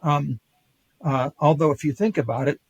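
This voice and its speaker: Older guy on a podcast, husky, a bit higher voice, lots of ums and restarts, dry close sound. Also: moderate pace, no echo, poor audio. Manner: animated retelling with acted quotes, many fillers and restarts. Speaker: podcast guest, historian. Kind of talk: casual storytelling lecture.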